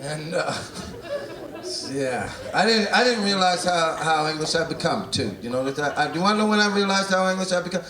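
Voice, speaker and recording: A Canadian man rants through a profanity-laced stand-up set, needling someone in the front rows. His voice sits somewhat high and leaps around with energy. He is caught from a distance in a big theatre, with roaring laughter. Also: lively intonation, fairly quick. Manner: profane, ranting, teases an audience member. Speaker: stand-up comedian. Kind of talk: live stand-up routine. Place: large theatre stage. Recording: echoey theatre, distant, loud crowd laughter.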